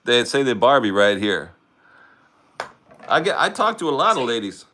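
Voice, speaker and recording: A man's voice: mid-range voice, very animated, normal speed, sharp tone. Laid-back older man with a Californian accent. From San Francisco Bay Area. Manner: laid-back, easygoing, joking. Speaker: guest on a livestream. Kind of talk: casual livestream chat.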